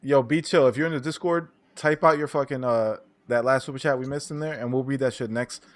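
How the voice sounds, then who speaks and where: Brief: New York host, mid-pitched, blunt and profane, says "bro" constantly. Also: male voice, brisk. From the Bronx, New York. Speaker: podcast host. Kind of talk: casual gaming podcast chat.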